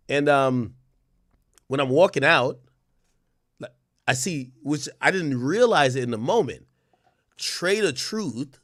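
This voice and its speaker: A man's voice: medium pitch, a bit bright, no echo, clean studio sound. A young man from Jamaica with a Jamaican accent, hosting a livestream and telling profane stories with many restarts. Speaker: livestream host. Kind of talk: casual commentary.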